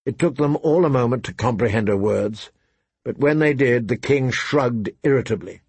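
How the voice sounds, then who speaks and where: A man narrating an audiobook in a measured, dramatic storytelling manner. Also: mid-range voice, darkish tone, breathy edge, dry recording. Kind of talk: scripted narration.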